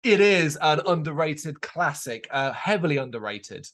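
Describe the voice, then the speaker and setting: A man, co-host of a podcast, asking interview questions in a brisk, chatty way. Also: fairly high pitch, animated, fairly bright tone.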